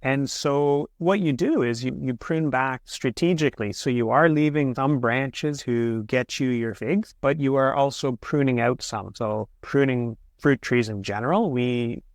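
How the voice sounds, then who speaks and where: A man explaining gardening as an interview guest, patient and steady, with small restarts as he talks. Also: medium pitch, unhurried, hardly any pauses, no room sound. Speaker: horticulturist guest. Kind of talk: casual interview answers.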